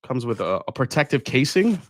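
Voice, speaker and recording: A man's voice: medium pitch, very animated, brisk, no room sound. A man hosting a casual live stream, unboxing bottles and answering chat as he thinks aloud with fillers and restarts.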